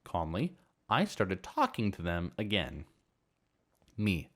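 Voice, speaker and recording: Male narrator for reddit stories, slow, expressive, lively pitch. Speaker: story narrator.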